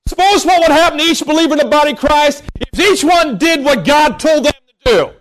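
Male preacher, very high voice, emphatic, scolding sermon, bursts into shouts. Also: a little fast.

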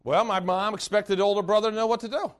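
A man preaching a sermon with a notably high voice for a man. He tells folksy stories in an animated, laughing way, and his voice swings between loud outbursts and quiet asides. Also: fast talker.

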